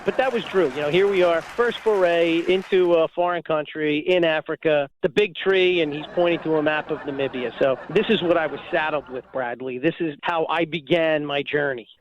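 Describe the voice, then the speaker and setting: A man guest telling stories in an interview, animated and acting out quoted exchanges. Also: a little high, moderate pace, hardly any pauses, slight background noise, poor audio. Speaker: guest, former reality race contestant. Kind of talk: storytelling interview.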